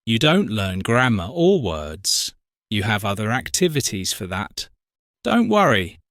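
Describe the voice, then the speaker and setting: Slow, clear male story narrator. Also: fairly low pitch, very animated, a bit bright, no echo, studio quality. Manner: slow, clear, simple sentences. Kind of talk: graded-reader story narration for learners.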